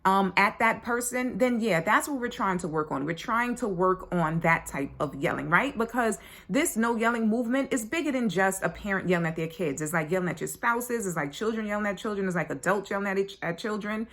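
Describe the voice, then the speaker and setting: A woman's voice: medium pitch, expressive, brisk, few pauses, a bit bright. A woman parenting coach talking casually to her course members, chatty and blunt, tagging sentences with "right?" and "like" and swearing freely. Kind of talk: casual online course talk.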